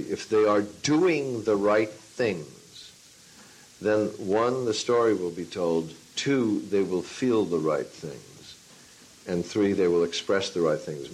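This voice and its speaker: A man, a film and stage director, answering an interview question as a lively storyteller who acts out his own past lines. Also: low voice, poor audio. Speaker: teacher of a class.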